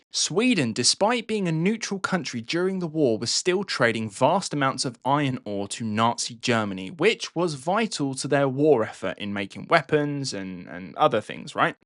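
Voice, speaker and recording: A man's voice: medium pitch, a bit bright, dry recording, clean studio sound. A man hosting a podcast, telling a war history story in a casual, chatty way, swearing and tagging lines with "right?". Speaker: podcast host.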